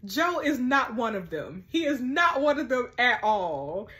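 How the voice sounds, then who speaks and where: A woman's voice: on the high side, sing-song, a little slow, bright, forceful tone. A young adult woman chatting to her viewers as she plays a story game and reads its text messages aloud. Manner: chatty, exclaiming, addresses viewers as "y'all". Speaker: gaming YouTuber.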